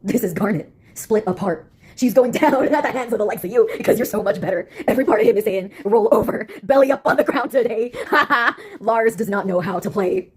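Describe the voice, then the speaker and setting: A woman's voice: fairly high pitch, brisk, few pauses, darkish tone, slightly rough. A woman voicing an unhinged female villain who taunts and goads a giant, swearing and breaking into singsong. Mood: manic. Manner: erratic, swearing, singsong outbursts.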